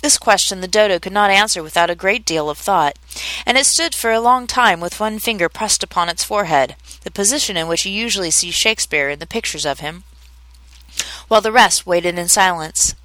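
A woman narrating a classic children's story in a measured, expressive reading. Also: mid-range voice, no room sound.

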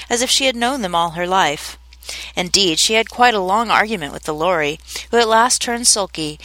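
A woman narrating a classic children's story in a measured, expressive reading. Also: mid-range voice, no room sound.

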